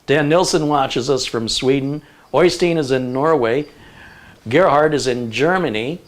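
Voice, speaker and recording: A middle-aged man hosts a tech livestream in an easy, chatty way. He reads through names and places and keeps breaking off for quick jokes. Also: mid-range voice. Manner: chatty, jokey asides while reading a list. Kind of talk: casual livestream chat, reading viewer locations.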